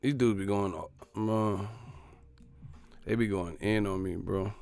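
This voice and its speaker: A man's voice: fairly low pitch, steady tone, slow pace, vocal fry, a little mellow, smooth, no echo, soft background music. A man hosting a boxing live stream, ranting in a profane, joking, exasperated way. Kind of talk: casual live-stream rant.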